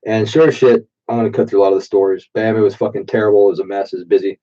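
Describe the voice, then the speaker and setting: He talks rapid-fire in a fairly low, level voice. The man, in his late thirties and congested from allergies, sips drinks while telling meandering, profane tales on a late-night stream, captured by a muffled, dull default microphone.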